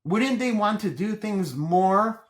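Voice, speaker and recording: Taking it slowly in a high voice, a business coach from Colombia shares stories on a podcast where he's the guest. He's animated and energetic, and he keeps repeating his phrases.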